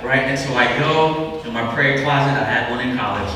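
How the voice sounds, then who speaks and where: A man in his thirties preaching a sermon, telling a personal story with animated delivery and acting out the quotes. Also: mid-range voice, fast, hardly any pauses, a crowd in the background. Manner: animated storyteller, acts out quotes, laughs along. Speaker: pastor. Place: church sanctuary. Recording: echoey hall recorded from far off, background noise.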